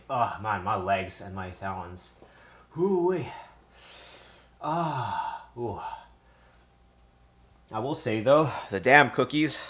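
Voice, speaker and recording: A man's voice: fairly low pitch, fairly bright tone. A man streaming live from a home kitchen, winded and tired. He rambles to his viewers and swears often. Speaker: livestreamer. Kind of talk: casual live-stream chat.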